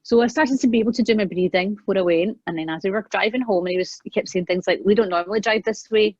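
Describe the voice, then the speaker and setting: A woman guest in an interview, earnestly telling a personal parenting story and acting out the quoted lines, often trailing off softly. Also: medium pitch, quick pace, no room sound. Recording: dull, dry, lo-fi sound.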